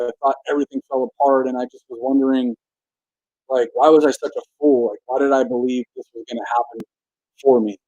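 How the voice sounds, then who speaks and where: A man's voice: medium pitch, dark tone, no echo, dull audio. A young adult man from the United States telling a personal story in a casual, earnest way, with frequent restarts and "like". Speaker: motivational speaker.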